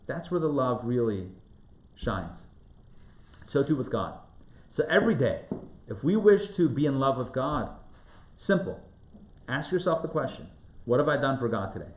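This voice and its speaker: A man's voice: mid-range voice, big pitch swings, normal speed, pauses often. A man who is a rabbi teaching a live class, asking rhetorical questions and repeating phrases for emphasis. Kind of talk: live lecture on Jewish spiritual text. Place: lecture room in front of a live audience. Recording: roomy, somewhat dull live recording.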